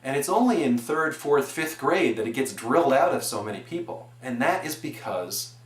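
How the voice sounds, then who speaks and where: A man in his forties giving an earnest, animated presentation on education, building his points with examples. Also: medium pitch, moderate pace. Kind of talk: explanatory presentation. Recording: echoey room.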